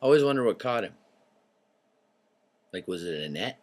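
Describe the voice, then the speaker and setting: A man hosting his own show, talking in a loose, rambling monologue that drifts into tangents, swearing freely and clearing his throat often. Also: on the low side, expressive, normal speed. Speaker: show host.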